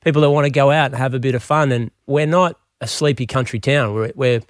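An Australian man speaking as a politician guest in a radio studio, steady and earnest with small restarts. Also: medium pitch, brisk, dry recording. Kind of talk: radio interview.

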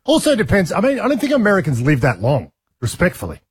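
A man co-hosting breakfast radio, chatting and telling stories excitably. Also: sits high, fast talker, breathy edge. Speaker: radio co-host.

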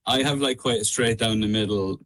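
A young man with a midlands Irish accent, chatting casually as a radio guest over a remote call, easygoing with frequent ums and quick laughs. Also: lowish voice, a bit bright. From Ireland. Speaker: guest singer.

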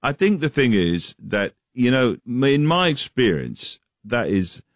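A man's voice: mid-range voice, very animated, a little slow, no echo, clean studio sound. A man from the of England, a comedian chatting in a radio interview with many restarts and fillers. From West Country, England. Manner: rambling, hesitant, many restarts. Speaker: comedian guest.

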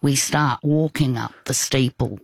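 Slow, husky older woman. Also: rumbling low, dry recording. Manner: halting, with many restarts and asides. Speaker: guest. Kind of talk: storytelling in conversation.

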